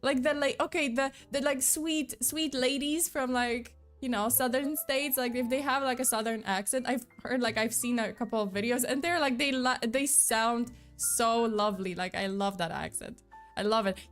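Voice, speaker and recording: A woman's voice: on the high side, steady tone, moderate pace, fairly bright tone, soft background music. A woman from Poland chatting casually on a stream, rambling and restarting her sentences with a lot of "like". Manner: rambling, restarts a lot, lots of "like", laughs between words. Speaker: vtuber streamer.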